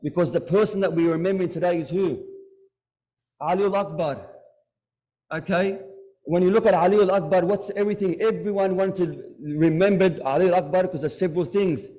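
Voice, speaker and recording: A man's voice: sits high, brisk, warm tone. A man giving a Muharram majlis sermon, speaking conversationally and putting direct questions to the congregation. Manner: retells stories with acted dialogue. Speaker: religious lecturer.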